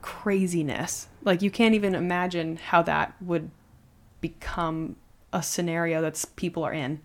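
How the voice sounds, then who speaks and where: A woman's voice: fairly low pitch, steady tone, a little slow. A woman hosting a podcast, casually retelling a true story with lots of conversational fillers. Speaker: podcast host.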